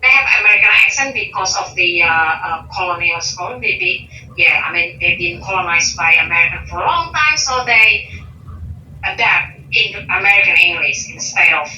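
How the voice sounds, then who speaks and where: A woman talking as a guest in a casual conversation, speaking hesitantly and pausing often to search for words. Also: fairly low pitch, expressive, pushed and bright. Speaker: interview guest. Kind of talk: casual conversation about English learning. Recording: muffled, echoey room, distant mic, faint hiss.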